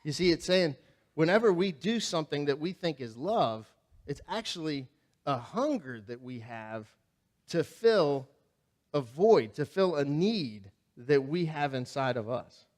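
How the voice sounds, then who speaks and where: This male pastor's voice sits on the high side, very animated, a little slow and a little mellow. Preaching in a church sanctuary with a slightly raised voice, he keeps things loose and conversational, weaving lively, funny everyday anecdotes into the sermon while turning questions back to those listening.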